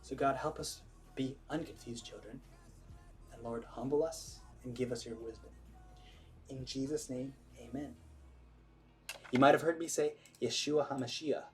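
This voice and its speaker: Man, earnest spoken prayer, emphatic, restarts often, mid-pitched, faint music underneath. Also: steady tone, moderate pace, pauses often, a little mellow. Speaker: vlogger leading a prayer. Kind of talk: spoken prayer and informal preaching.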